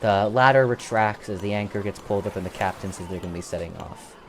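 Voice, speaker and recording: A young man narrating a tabletop game as game master, halting often with ums and restarts, with music playing underneath. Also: lowish voice, noisy background.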